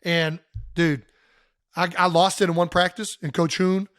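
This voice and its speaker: A man's voice: sits high, measured pace, dry recording, clean studio sound. A man in his thirties from Northeast Ohio co-hosting a podcast, telling rambling, joking sports stories in casual chat. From Northeast Ohio, USA. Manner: animated, joking, rambling storyteller. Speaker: podcast co-host.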